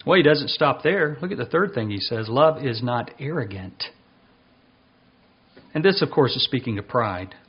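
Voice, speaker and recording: A man's voice: medium pitch, lively intonation, slightly rough. Emphatic male preacher, lo-fi recording. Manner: emphatic preaching, slows down to stress points. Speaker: pastor. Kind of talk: sermon.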